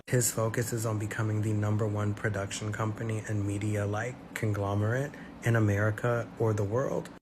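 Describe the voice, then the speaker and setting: A man's voice: on the low side, normal speed, few pauses. A man giving an earnest, questioning commentary, speaking with many fillers. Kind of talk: commentary video. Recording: steady background noise.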